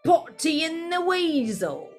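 A woman's voice: extremely high pitch, sing-song, slow pace, faint music behind, voice pushed up, exaggerated voice. A woman voicing a sneering, mocking schoolboy bully who speaks in a lazy drawl, in an audiobook reading.

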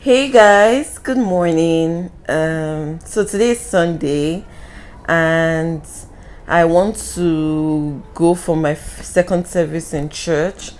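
A woman's voice: sits low, slow, darkish tone, a little hiss or hum, low-quality recording. A young Nigerian woman with a Nigerian accent talking casually to the camera in a home vlog, openly emotional and apologetic. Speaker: vlogger.

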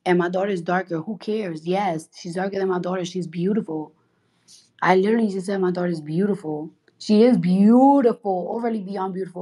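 On a casual livestream, a woman with a New York accent speaks in a fairly low, warm voice. She's blunt and profane, heated and rambling, restarting her sentences again and again.

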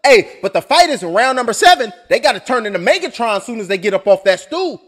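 Excitable high-voiced male boxing commentator. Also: fast talker. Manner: loud, excitable, profane, joking asides. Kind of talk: live blow-by-blow commentary.

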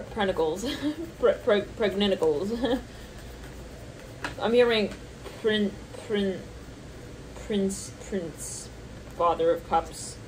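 A woman with a darkish tone gives a channeled tarot reading, thinking aloud between card names and laughing often. When she quotes people, she squeals in high-pitched reactions. The recording is rough, with slight background noise.

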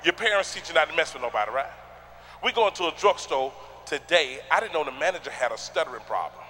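A man doing a stand-up comedy routine on a theater stage, loud and boisterous, acting out people with shouts and sounds. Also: on the high side, expressive, quick pace.

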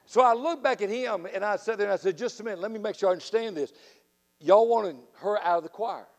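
Fiery Southern preacher in a reverberant church. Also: male voice, quick pace. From Florida. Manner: folksy and fiery, swinging from loud outbursts to low asides. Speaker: guest revival preacher. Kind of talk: revival sermon with storytelling. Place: church sanctuary. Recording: long reverb of a church sanctuary.

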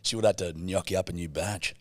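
A country Australian man co-hosting a podcast, blokey and sweary and quick with a pun. His voice sits on the low side, recorded dry and close to the mic. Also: fairly even intonation, no room sound. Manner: blokey, swears a lot, cracks puns. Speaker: podcast co-host. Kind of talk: casual chat.

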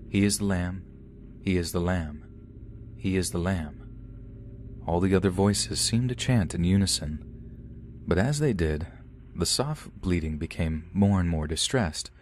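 A man reading a first-person horror story as a podcast narrator, calm and measured. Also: low voice.

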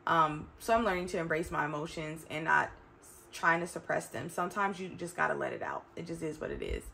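A woman's voice: low-pitched, very animated, a little fast, vocal fry, pushed and bright, slight background noise. A woman in her thirties talking to her viewers in a chatty, emphatic way, often calling them y'all. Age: 30s. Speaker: vlogger. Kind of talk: reflective casual talk to camera.

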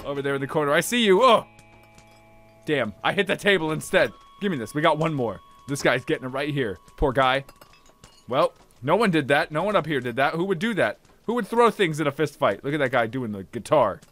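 A young man commentating his own game play, excitable, swearing and yelling at enemies. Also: a little high, a little fast, faint music behind. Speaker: gaming channel host.

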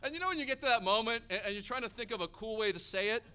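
A man from Hawaii delivers a sermon full of personal stories, animated and energetic. His voice sits high for a man, with a bright, forceful edge. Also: very fast, clear, resonant tone. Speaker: pastor.

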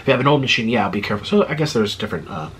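A man's voice: medium pitch, very fast, a bit bright. Guy in his 30s rambling on about stuff, kinda out of breath, chatty, bit of faint hiss behind. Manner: chatty, digressive, many fillers and restarts. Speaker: mukbang vlogger. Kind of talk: casual rambling monologue.

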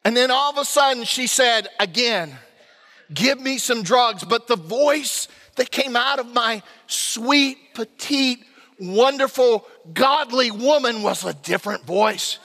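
A male pastor preaching a sermon, telling a comic story with laughter and animated storytelling. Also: extremely high pitch, a little slow, long reverb tail. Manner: storytelling, animated, self-mocking, laughing through stories.

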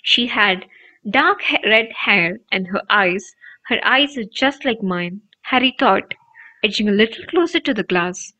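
A woman narrating an audiobook with expressive, emotive storytelling. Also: medium pitch, measured pace. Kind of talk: audiobook reading. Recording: dull lo-fi recording.

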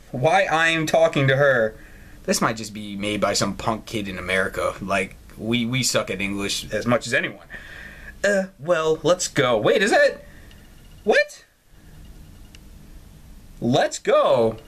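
Speaking at a medium pitch with a fairly bright tone, this gaming channel host plays a mobile story game. His let's-play commentary is laid-back, profane, and mocking, punctuated by frequent laughter.

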